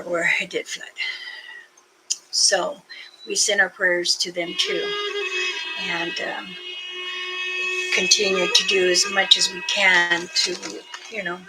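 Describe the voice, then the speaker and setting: An older woman, a spiritual elder, talking casually and offering prayers in a halting, unhurried way with many fillers, a little out of breath. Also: medium pitch, rough recording. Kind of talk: casual spoken prayer and talk.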